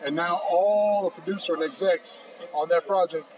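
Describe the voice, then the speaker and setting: A man in his fifties, a podcast guest, telling a long anecdote with lively acted-out dialogue and frequent "bro.". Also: high-pitched, moderate pace. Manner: lively storyteller acting out both sides of phone calls, says "bro" often. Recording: distant, dull and noisy.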